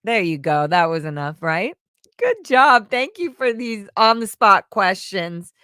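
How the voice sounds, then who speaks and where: A woman's voice: medium pitch, animated, measured pace, bright, forceful tone, clean tone, dry recording, studio quality. A woman hosting a casual livestream. She chats, giggles, and reads viewers' comments aloud into a microphone. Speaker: livestream host. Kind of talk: casual live chat answering viewer questions.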